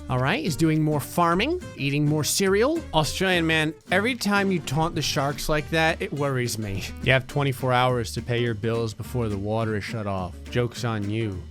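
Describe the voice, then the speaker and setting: A man's voice: a little high, a bit bright. Sarcastic man doing gameplay commentary. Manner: sarcastic, jokey, voices the game characters in quick asides. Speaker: gaming channel host.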